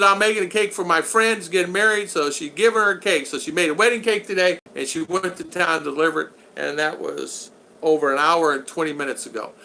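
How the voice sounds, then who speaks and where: Older male vlog host, bright tone, rambling chat, faint hiss behind. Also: fairly high pitch, gravelly, low-quality recording. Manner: rambling, chatty, greets viewers by name. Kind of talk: casual live-stream chat.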